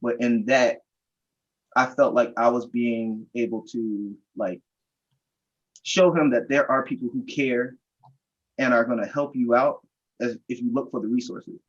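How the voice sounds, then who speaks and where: Man, panel guest, storytelling, husky, dull lo-fi sound. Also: mid-range voice, fairly even intonation, a little slow, long pauses. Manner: reflective storyteller, quotes dialogue.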